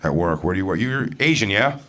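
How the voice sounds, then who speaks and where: A man's voice: low-pitched, lively intonation, quick pace. A male stand-up comedian on a club stage, doing blunt, teasing, profane crowd work into a handheld mic. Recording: live show with loud crowd laughter.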